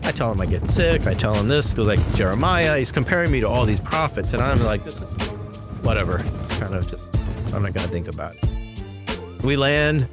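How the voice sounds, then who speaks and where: Storyteller, male, lively retelling with acted-out lines, music bed underneath. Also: fairly low pitch, brisk. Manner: animated, acts out quoted dialogue. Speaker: storyteller guest. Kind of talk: casual first-person storytelling.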